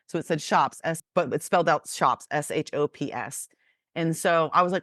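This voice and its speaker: A woman in her forties co-hosting a podcast, chatting casually and acting out the quotes in her stories with animated energy. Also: low voice, moderate pace, dry recording, clean studio sound. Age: 40s. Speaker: podcast co-host. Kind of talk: casual storytelling chat.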